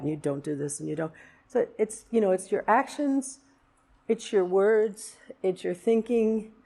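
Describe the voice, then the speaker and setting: A woman's voice: lowish voice, gravelly, a little mellow. A woman in her fifties giving a personal testimony at a church service, earnest and rambling, with many fillers and restarts. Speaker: congregant sharing a testimony. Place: church sanctuary.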